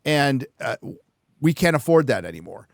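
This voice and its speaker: A man's voice: medium pitch, big pitch swings, moderate pace, vocal fry, dry recording, clean studio sound. A man hosting a live talk show, speaking bluntly and profanely in casual political conversation. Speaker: host.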